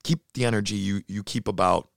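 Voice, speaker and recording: A man co-hosting a casual fitness chat, blunt and animated, who gets fired up while he talks. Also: fairly low pitch, fairly quick, creaky, dry recording, clean studio sound.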